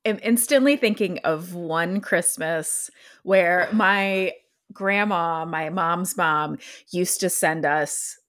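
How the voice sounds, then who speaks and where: A woman's voice: fairly low pitch, slow, a bit bright. A woman hosting a podcast in casual chat, easygoing and giggling often as she talks. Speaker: podcast host.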